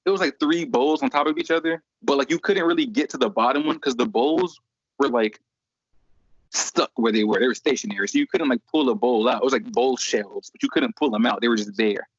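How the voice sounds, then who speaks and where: A man's voice: medium pitch, fairly quick, husky, no room sound. A young man in college telling a story casually, acting out the other people's voices. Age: young adult. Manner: animated, acts out voices in quotes. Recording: dry, dull lo-fi recording.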